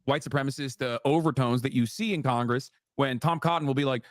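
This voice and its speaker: A man's voice: mid-range voice, fairly even intonation, fast talker, hardly any pauses, dry recording. A man hosting a live reaction stream, ranting in profane, heated commentary. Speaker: livestream host.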